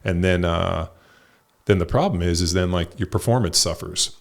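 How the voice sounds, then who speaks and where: A man hosting a podcast, telling a story in blunt, profane, animated casual chat. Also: sits low, normal speed, gravelly. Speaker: podcast host.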